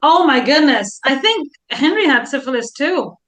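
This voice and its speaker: Chatty woman with a fairly high voice. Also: expressive, normal speed, fairly bright tone. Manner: chatty, acts out historical figures in voices. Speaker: history podcast co-host. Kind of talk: casual chat.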